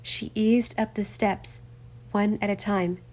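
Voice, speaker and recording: Woman narrating a story evenly. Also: mid-range voice. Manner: even, measured storytelling. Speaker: audiobook narrator. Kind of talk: scripted narration.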